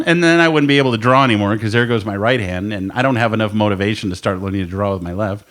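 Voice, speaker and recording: A man's voice: lowish voice, racing, few pauses, fairly bright tone. A man co-hosting a podcast in a studio, telling a long story in casual chat, swearing and laughing as he goes. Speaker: podcast co-host. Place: recording studio.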